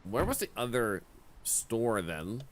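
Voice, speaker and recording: A man's voice: on the low side, very animated, slow, slight background noise. A man streaming a game, casually chatting to his viewers and to the game's characters in a playful way. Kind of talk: casual gameplay commentary.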